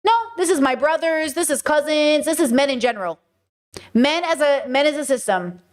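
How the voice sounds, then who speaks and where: A woman streaming live, talking casually to her viewers in an animated, sarcastic way. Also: high voice, moderate pace. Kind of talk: casual livestream chat.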